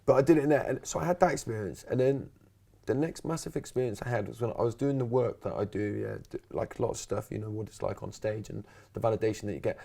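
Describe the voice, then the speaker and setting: A man's voice: medium pitch, quick pace, gravelly. A man, a coach being interviewed on a podcast, telling his story animatedly and acting out the quotes. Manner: animated storyteller, acts out quotes, many "right?" and "yeah?" tags. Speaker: podcast guest, resilience coach.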